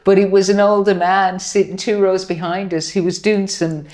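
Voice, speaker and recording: A woman's voice: mid-range voice, flat delivery, normal speed, darkish tone. A woman co-hosting a casual chat show, telling rambling anecdotes with cheeky swearing. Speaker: co-host.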